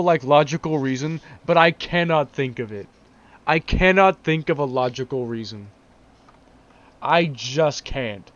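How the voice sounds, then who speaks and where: A man's voice: mid-range voice, fairly bright tone. A man in a casual vlog, ranting in exasperated disbelief, repeating himself and laughing. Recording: dull lo-fi recording.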